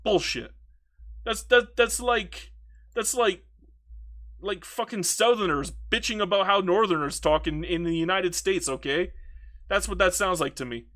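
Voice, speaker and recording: A man's voice: sits high, unhurried, pushed and bright. A Canadian man with a Canadian accent giving casual, ranting commentary while playing a strategy game, swearing freely and repeating himself. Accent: Canadian English.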